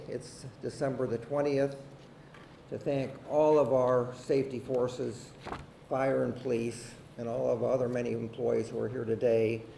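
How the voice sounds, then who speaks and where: A man giving measured, formal welcoming remarks as mayor at a ceremony. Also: medium pitch, gravelly, dark tone. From Ohio, United States. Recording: echoey room, distant mic, faint hiss.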